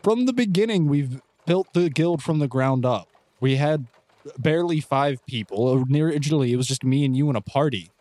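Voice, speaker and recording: Earnest adventurer, played by a man, prim early riser, reassuring, lively pitch, dry close sound. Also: moderate pace, dry recording, natural voice. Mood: encouraging.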